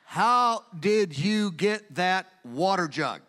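Man playing gruff jealous old king, drawling, demanding, hall echo. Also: sits high, animated, takes it slowly, fairly bright tone, full character voice.

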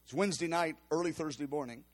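A man preaching, telling a story in an animated way and acting out the voices of the people in it. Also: fairly high pitch, fast. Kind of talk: storytelling sermon.

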